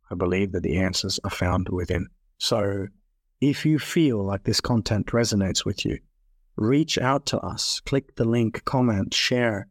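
A man hosting a wellness podcast, giving an earnest motivational presentation with repeated phrases and soft, slowed emphasis. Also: on the low side, dry recording. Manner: earnest, repetitive, slow soft emphasis on key lines.

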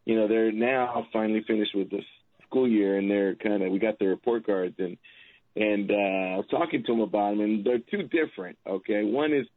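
A man's voice: fairly low pitch, fairly even intonation, brisk, no room sound, phone-quality sound. A middle-aged man appearing as a guest on a talk radio show, telling rambling, laughing stories about his family and acting out their voices. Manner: rambling storyteller, laughs often, acts out family members. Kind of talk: casual talk radio chat.

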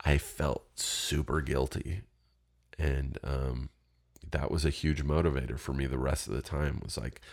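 A man with an extremely low, deep voice tells a rambling personal story in a casual, animated way. He swears freely and acts out both sides of his phone calls.

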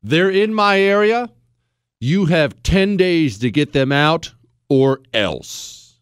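A bold, swaggering tribal chief barks his demands, as a talk host puts him on. The voice sits a bit high and leaps around as he sneers. Every word is dry and close to the mic. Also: animated, takes it slowly, clean tone, dry recording. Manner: mocking, swaggering threats.

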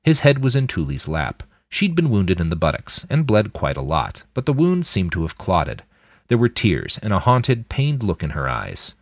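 A man narrating a thriller audiobook in an expressive, dramatic manner. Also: sits low, moderate pace, no room sound. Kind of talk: scripted narration.

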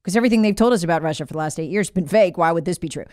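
A woman's voice: lowish voice, racing, darkish tone, no echo, clean studio sound. A woman hosting a political commentary show, talking in a sarcastic, opinionated way. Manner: sarcastic, mocks figures in put-on voices.

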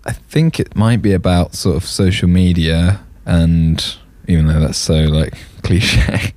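A man's voice: sits low, fairly even intonation, measured pace, darkish tone, no room sound. A young man, a musician guest on a radio show, chatting casually and rambling with many fillers and restarts into a studio microphone. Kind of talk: casual interview chat.

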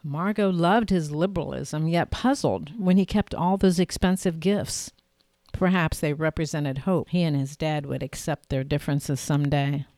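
A woman narrating an audiobook in a steady, clear storytelling manner. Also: deep voice, normal speed, no room sound, studio quality.

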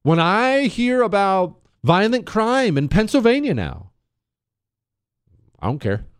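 A man's voice: high-pitched, very animated, takes it slowly, clear, resonant tone, no room sound, clean studio sound. Combative man hosting talk radio. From United States, Ohio River area. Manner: blunt, combative, sarcastic. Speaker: radio talk show host. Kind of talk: opinion radio monologue with ad reads.

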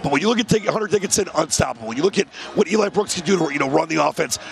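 A man co-hosting a sports betting chat, talking emphatically and rapidly with frequent restarts. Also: fairly high pitch, expressive, creaky. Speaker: sports radio co-host.

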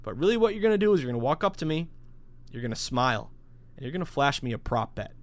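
Pumped-up sports betting podcast host. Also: male voice, mid-range voice, very animated. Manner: hyped, salesy, rapid-fire with bursts of shouting. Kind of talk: solo podcast monologue.

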